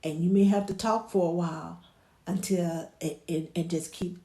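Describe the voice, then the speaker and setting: A woman talking casually as a childcare provider, giving advice on soothing babies and dropping to a hushed, soothing voice when she quotes herself talking to them. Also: lowish voice, steady tone, normal speed. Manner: drops to a hushed soothing voice for baby talk. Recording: echoey room.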